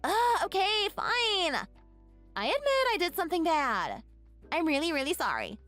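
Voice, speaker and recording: A woman's voice: extremely high pitch, huge pitch swings, normal speed, fairly bright tone, soft background music, heavily acted. A woman voicing a sly young woman who keeps begging for forgiveness, repeating her apologies in a whiny, pleading way.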